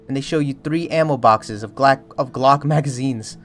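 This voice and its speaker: A man's voice: medium pitch, normal speed. A young man giving jokey, jumpy let's-play commentary on a horror game, yelping and panicking at scares. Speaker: streamer playing a horror game. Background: faint game music.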